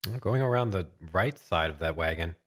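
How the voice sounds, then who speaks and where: Low-voiced man guest commentator, easygoing teasing, poses questions. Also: lively intonation, a little fast. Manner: laid-back, teasing, asks co-hosts questions. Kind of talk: casual live game commentary.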